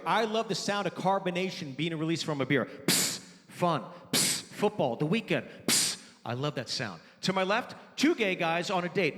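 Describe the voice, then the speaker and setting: Animated man doing stand-up in a hall. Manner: loud animated storytelling with sudden high-pitched yelps. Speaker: stand-up comedian. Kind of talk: stand-up comedy set. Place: theater stage before a live audience.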